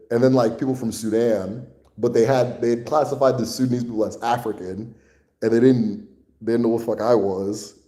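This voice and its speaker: Laid-back low-voiced man. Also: warm tone. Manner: loose, rambling, swears and chuckles often. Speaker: host answering viewer questions. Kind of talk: casual livestream Q&A.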